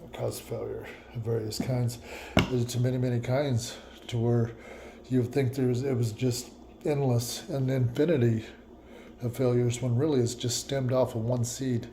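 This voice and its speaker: A man's voice: mid-range voice, little pitch movement, moderate pace, noisy background. A man vlogging a reflective personal monologue, musing and repeating himself, with laughs at his own words.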